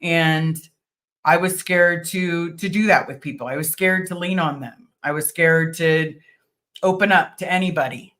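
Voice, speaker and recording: A middle-aged woman chats casually on her livestream, reading viewer comments aloud and answering them one by one. Her tone is bright and clear, earnest and thankful, with plenty of ums and small restarts. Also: on the low side, unhurried. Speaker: livestream host.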